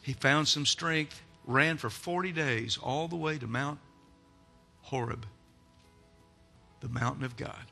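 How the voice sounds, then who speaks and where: Dramatic, bright-voiced preacher. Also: male voice, mid-range voice, takes it slowly, vocal fry, long pauses, faint music behind. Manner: dramatic storytelling, acts out characters, swings from loud to soft. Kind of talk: sermon. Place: church.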